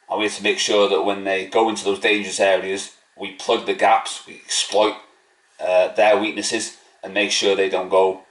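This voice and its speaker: Blunt man ranting in a roomy echo. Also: lowish voice. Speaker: football fan channel host. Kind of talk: opinionated match preview vlog.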